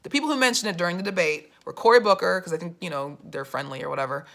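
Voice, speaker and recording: A young woman telling a story and giving political commentary in a casual vlog, animated and full of fillers, acting out the people she quotes. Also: fairly low pitch, very fast. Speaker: political vlogger.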